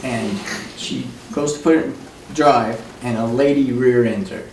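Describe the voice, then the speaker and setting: A man's voice: mid-range voice, measured pace. A man speaking at a memorial, telling rambling folksy stories and laughing often. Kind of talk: anecdotal storytelling at a memorial. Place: memorial service room. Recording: distant mic in an echoey hall with noise.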